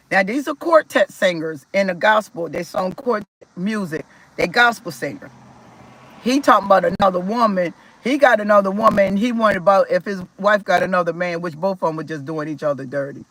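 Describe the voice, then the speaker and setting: Animated woman telling her story. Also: medium pitch, a little fast, low-quality recording. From South Carolina, US. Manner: animated, acts out quoted voices, laughs while telling. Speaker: testimony speaker. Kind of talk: storytelling testimony.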